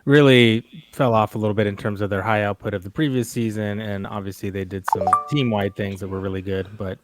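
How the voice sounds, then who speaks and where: A man giving measured, agreeable analysis as a guest on a casual podcast. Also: lowish voice, steady tone, heavy background noise. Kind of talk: casual fantasy hockey chat.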